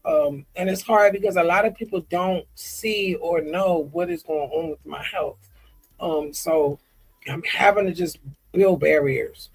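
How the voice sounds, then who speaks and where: A man speaks in a personal vlog with a husky, breathy edge and a grainy, fry-laden texture. He confides earnestly, pausing often with ums and restarts as he reads through comments. His voice sits high for a man. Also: low-quality recording. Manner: halting, with frequent ums and restarts. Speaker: vlogger. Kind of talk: candid personal vlog, reading comments aloud.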